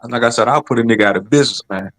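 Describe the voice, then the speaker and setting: A man's voice: mid-range voice, very fast, a bit bright. A man speaking as a guest on a live-stream panel, boastful and profane in a casual chat. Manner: boastful, profane, talks in a rush.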